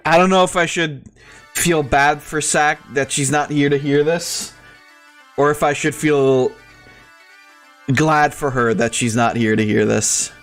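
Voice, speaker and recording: A man's voice: on the high side, steady tone, a little slow, a bit bright. Laughing gamer guy with crude jokes. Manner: crude joking, breaks into laughter. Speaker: gaming streamer. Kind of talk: casual gameplay commentary. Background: faint game music.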